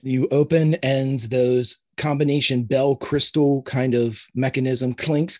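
A man narrating as game master of a tabletop game, describing scenes in a relaxed way with fillers. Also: mid-range voice, measured pace, hardly any pauses.

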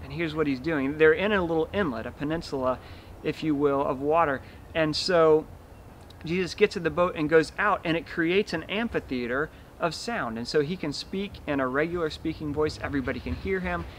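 A man's voice: on the high side, moderate pace, a little hiss or hum. A man preaching a sermon as pastor, retelling a scene vividly and acting out the dialogue.

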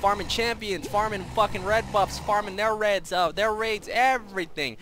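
A young male streamer delivers brash, profane, trash-talking commentary over his own gameplay, boasting as he goes. His high voice sounds pushed and bright at a moderate pace, with faint background noise.

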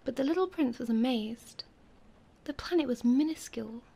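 Soft-spoken, breathy female storyteller. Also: sits high, moderate pace. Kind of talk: whispered role-play.

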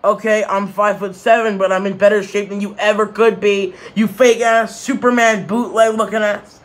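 A man's voice: sits high, flat delivery, moderate pace, lightly acted. A man playing a hot-headed short young fighter. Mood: angry boastful. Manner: angry, boastful trash talk.

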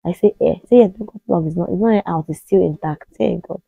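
A woman's voice: on the low side, fast, creaky, husky, no room sound, narrow, tinny audio. A Nigerian woman in her thirties with a Nigerian accent, telling a personal story to the camera in a casual way and acting out the voices of the people in it. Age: 30s. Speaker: vlogger.

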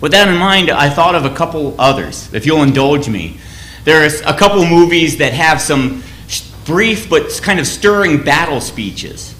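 A man's voice: fairly high pitch, animated, measured pace, fairly bright tone, roomy sound. A man giving a sermon in a conversational, anecdotal way, often restarting his phrases. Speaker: church speaker.

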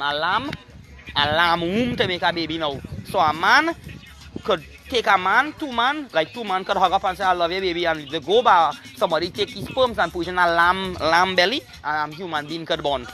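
A man's voice: sits high, a little fast, bright, forceful tone. A man, hosting a rambling opinion monologue in a preachy, emphatic way. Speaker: show host.

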